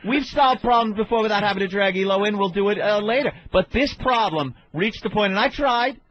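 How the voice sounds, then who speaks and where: A man's voice: high-pitched, a little fast, slight background noise. A male comedian telling a story on a radio show, acting out everyone in it with profane, indignant energy. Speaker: comedian guest. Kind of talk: animated comic storytelling. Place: radio studio. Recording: dull lo-fi radio broadcast.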